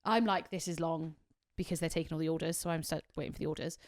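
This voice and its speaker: Animated swearing woman telling stories. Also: low-pitched, racing. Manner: animated storytelling, swears freely. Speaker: podcast co-host, wedding worker. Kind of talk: casual chat.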